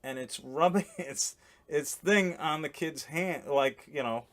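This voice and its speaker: A man with a somewhat higher voice tells a comic story in casual podcast chat. He rambles, restarts his sentences and laughs partway through. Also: slow pace, a bit bright. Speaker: comedian guest. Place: boat in a harbor.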